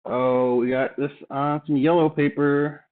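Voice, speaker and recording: A man reading old documents aloud and adding offhand, halting remarks as he thinks aloud. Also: fairly high pitch, level tone. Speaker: channel host. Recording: tinny phone-like sound.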